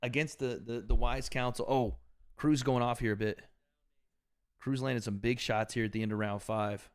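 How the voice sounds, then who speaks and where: A man's voice: medium pitch, fairly even intonation, moderate pace, clear, resonant tone, no room sound, clean studio sound. A man hosting a livestream watch party, giving casual, profane commentary on a fight and bantering with his chat. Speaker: livestream host.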